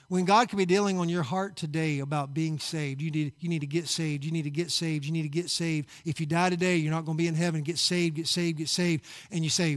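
Man, pastor, high voice, fervent sermon, urgent repetition, stumbling restarts, church service. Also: steady tone, brisk. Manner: fervent, urgent exhortation with repeated phrases.

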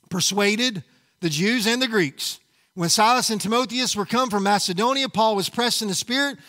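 A man's voice: extremely high pitch, sharp tone, in a large hall. A man preaching a sermon as pastor, emphatic and often calling out to the congregation. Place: church sanctuary.

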